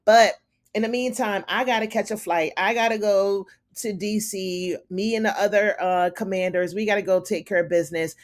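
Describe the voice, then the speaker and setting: A woman's voice: medium pitch, steady tone, normal speed, natural voice. Woman doing a middle-aged male commander, smug, coaxing, self-assured, casual paraphrase.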